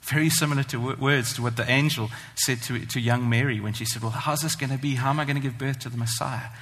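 A man's voice: mid-range voice, steady tone, fairly bright tone. Earnest man preaching in a reverberant hall. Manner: earnest, emphatic, slows down on scripture quotes. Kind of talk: sermon.

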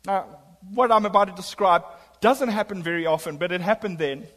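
High-voiced preacher in a reverberant hall. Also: male voice, a little fast. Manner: storytelling, emphatic, swings between loud and hushed. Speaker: pastor. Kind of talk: sermon.

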